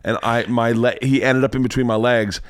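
Podcast host, male, animated profane storyteller, mid-pitched voice, dry close sound. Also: brisk, smooth, dry recording. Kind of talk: casual storytelling chat.

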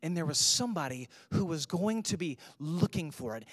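A man in his thirties preaches a sermon, weaving a personal story with light humor. He swings from soft asides to loud, emphatic points. The sound is dry and close, with little room echo. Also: a little high, animated, normal speed, few pauses. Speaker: pastor.

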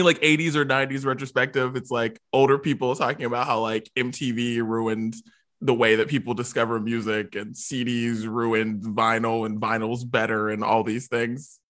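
A man's voice: medium pitch, fairly even intonation, moderate pace, fairly bright tone. A man hosting a casual podcast chat, ranting in an exasperated way. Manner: exasperated ranting, laughs often. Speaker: podcast host.

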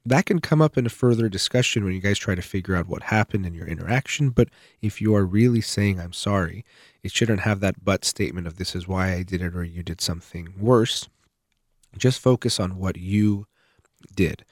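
A man with a lowish voice talks through relationship advice in an earnest, explanatory way. He speaks off the cuff and leans hard on key words. The recording is dry and close, with no room sound. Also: normal speed, no echo. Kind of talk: unscripted advice talk.

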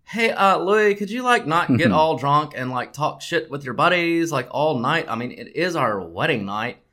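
A man's voice: fairly high pitch, animated, normal speed, sharp tone, voice pushed down. A man playing a nagging young queen in a whiny, pleading way.

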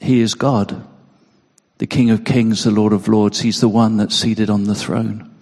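A man's voice: fairly low pitch, level tone, measured pace, gravelly, darkish tone, breathy edge, long reverb tail. A man preaching a sermon in an earnest way, emotional, often repeating words as he stresses a point.

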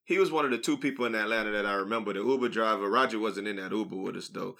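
A man hosts a casual podcast. His voice sounds bright and forward, and he talks in a loose, slangy, laughing way as he tells stories. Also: lowish voice, racing, vocal fry. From New Iberia, Louisiana. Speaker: podcast host.

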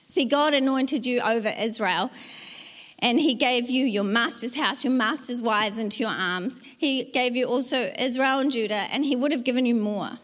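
A woman's voice: high voice, moderate pace, fairly bright tone. A woman pastor with a New Zealand accent, preaching a sermon in a conversational storytelling way with playful asides. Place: church hall. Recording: church hall with long reverb.

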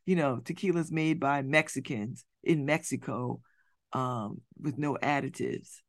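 A woman's voice: sits low, dry recording, clean studio sound. A woman radio host chatting casually and rambling, with frequent restarts and easy laughs. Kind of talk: casual chat.

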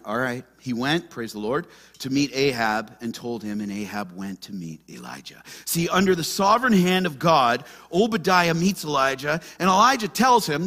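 A male pastor delivers an animated sermon, at times acting out the worried voices of the people in the passage. His voice sits high and bright, and the long tail of hall reverb follows every line. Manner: animated, acts out frightened voices of scripture figures.

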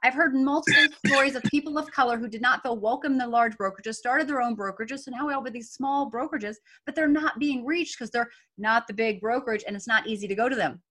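A woman's voice: on the high side, fast, few pauses, sharp tone. A woman hosting a casual panel discussion, making her points emphatically. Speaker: podcast host.

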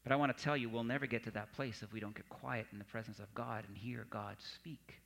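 A man preaching a sermon in an earnest way, often dropping his voice soft for emphasis. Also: fairly low pitch, fairly even intonation, quick pace, gravelly. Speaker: pastor.

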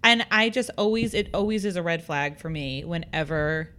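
A woman's voice: fairly low pitch, moderate pace, a bit bright. A woman co-hosting a casual chat, speaking bluntly and with strong opinions, swearing freely.

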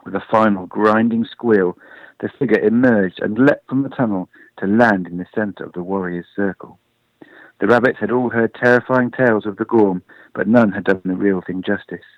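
A man reads a storybook aloud in a lively, expressive way. His voice sits low and dry, with a dull lo-fi radio sound. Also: dry recording. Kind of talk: storybook reading.

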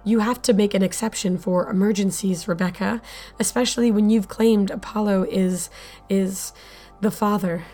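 A woman's voice: medium pitch, fairly even intonation, moderate pace, dark tone, faint music behind, lightly acted. A woman voicing a desperate, defiant young woman who speaks in an urgent, pleading way in an audio drama.

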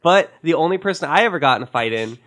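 A man's voice: fairly high pitch, fast. Easygoing male podcast co-host. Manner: relaxed, rambling with fillers. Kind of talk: casual chat.

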